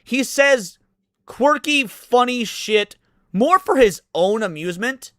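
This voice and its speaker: A man's voice: very high-pitched, animated, slow pace, a bit bright, no echo, clean studio sound. A man ranting with heavy swearing as a streamer reacting to a video. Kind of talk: profane reaction commentary.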